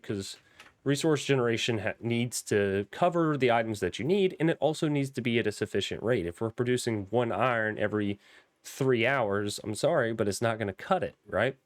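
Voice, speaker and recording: A man's voice: mid-range voice, normal speed, no room sound. A young man with a Southern accent, rambling through casual gameplay commentary with frequent ums and restarts. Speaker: Minecraft modpack let's player.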